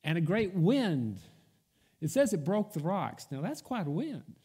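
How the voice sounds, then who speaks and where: In church, a pastor delivers a sermon at a measured pace in a fairly high, mellow, slightly rough voice. His pitch swings widely as he tells the story and voices its figures. To make a point, he drops nearly to a whisper.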